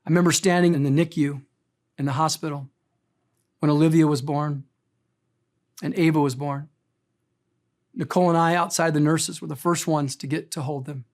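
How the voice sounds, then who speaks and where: A man's voice: fairly high pitch, steady tone, normal speed, pauses often. A middle-aged pastor preaching to his congregation in a church. He tells personal stories with emphatic, heartfelt delivery, pressing hard on key words. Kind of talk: sermon.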